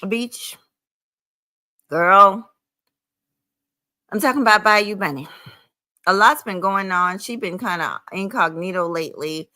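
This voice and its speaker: A woman's voice: medium pitch, moderate pace, pushed and bright, no room sound. A middle-aged woman hosting a livestream, ranting angrily in a profane, confrontational, taunting way. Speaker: livestream host. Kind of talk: angry livestream rant.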